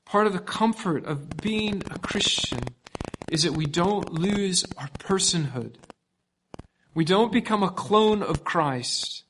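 A man preaching a sermon as pastor, emphatic, swinging from loud passages to hushed ones. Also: high voice, a little hiss or hum.

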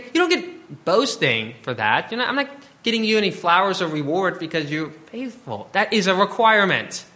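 A man preaches in a bright, slightly high voice, earnest and direct. He presses the congregation with rhetorical questions. He climbs to emphatic peaks and then drops to quiet, hushed lines. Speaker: pastor. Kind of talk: sermon.

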